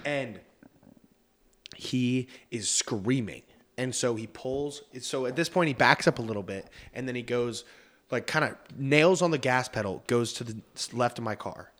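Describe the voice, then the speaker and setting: A young man co-hosting a podcast, telling a story in lively casual chat with many restarts. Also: mid-range voice, measured pace. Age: young adult. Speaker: podcast co-host.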